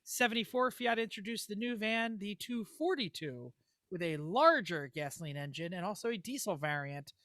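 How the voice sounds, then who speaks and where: A man's voice: sits high, expressive, normal speed, pushed and bright, no room sound, studio quality. A man co-hosting a casual racing podcast, joking and rambling as he reads notes. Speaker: podcast co-host. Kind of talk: casual chat.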